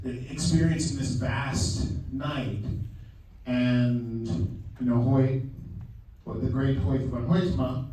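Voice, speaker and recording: Slow and warm, with a medium pitch and steady tone, a man talks casually about directing his film during a live Q&A in a big theater. He restarts often, fills pauses, and laughs readily, captured by a distant mic with echo and faint noise.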